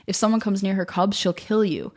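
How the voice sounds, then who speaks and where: A woman's voice: medium pitch, lively intonation, a little fast, a little mellow. A young woman coaching on manifestation in an effusive, gushing way, slightly out of breath with her voice tiring, dropping "like" often. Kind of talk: enthusiastic spiritual pep talk.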